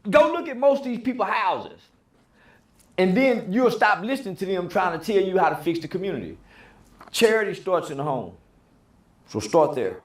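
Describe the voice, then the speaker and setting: A man giving a heated interview, blunt and preachy, firing off rhetorical questions and sometimes raising his voice to a shout. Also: high-pitched, very animated, a little fast, reverberant. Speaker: interview guest. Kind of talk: heated opinionated interview talk.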